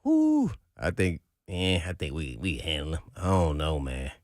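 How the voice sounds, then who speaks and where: A man's voice: very deep voice, measured pace, no echo. A man with a drawl talks football on a studio mic, voice leaping up and down as he acts out coaches and teammates. He laughs easily and tells stories with gusto. The sound is close and dry, with no room in it. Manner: animated storyteller, laughs often, acts out quotes. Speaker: sports radio co-host, former NFL player. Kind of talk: casual sports talk. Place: radio studio.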